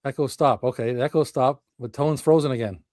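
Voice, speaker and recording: A man's voice: medium pitch, fairly quick, darkish tone, no room sound. A man hosting a casual live-streamed chat over a remote mic, swearing often and laughing, exasperated at glitches. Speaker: podcast host. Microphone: remote video-call stream mic.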